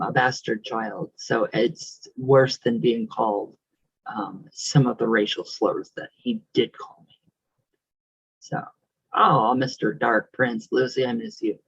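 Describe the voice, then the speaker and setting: A man's voice: mid-range voice, creaky, husky, no room sound, highs cut off. A young man hosting his channel, reading out viewer comments in a casual, affectionate, emotional way with frequent laughs.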